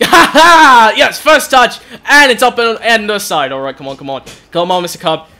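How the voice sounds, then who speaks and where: A man giving excitable live gameplay commentary as a gaming channel host, shouting and groaning at the game. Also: high-pitched, fairly quick, faint music behind.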